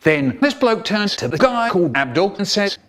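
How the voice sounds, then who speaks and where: Animated storyteller man. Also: sits high, normal speed. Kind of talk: comic storytelling, spliced from clips.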